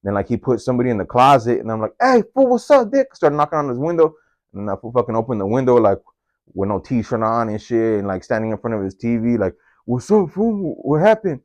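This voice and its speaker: A man telling a story from his own life in a casual, slangy, profane way, leaping up in pitch whenever he quotes someone. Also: quick pace, dry recording. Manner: slangy and profane, jumps into high-pitched voices when quoting. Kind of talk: casual first-person storytelling.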